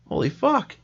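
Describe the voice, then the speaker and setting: A man's voice: fairly bright tone, muffled recording. A man co-hosting a casual tabletop-gaming podcast chat, who laughs often and swears casually. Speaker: podcast co-host.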